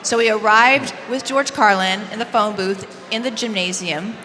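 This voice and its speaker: A woman from Idaho on a convention panel, telling anecdotes in a relaxed, halting way. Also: mid-range voice. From Idaho, USA. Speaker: panel guest. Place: large convention hall. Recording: echoey hall with background noise.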